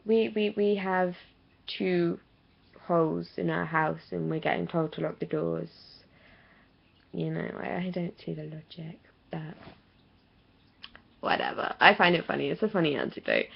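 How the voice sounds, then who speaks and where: A woman's voice: fairly low pitch, fairly even intonation, moderate pace, gravelly, highs cut off. A young woman with an English accent ranting casually to camera, chatty and self-mocking, often laughing at herself. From England. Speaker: vlogger.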